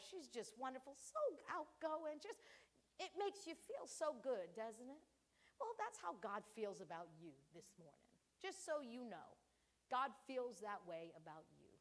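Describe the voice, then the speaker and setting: A woman in her fifties preaching a sermon, telling family stories with laughs and call-outs to the congregation. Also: sits high.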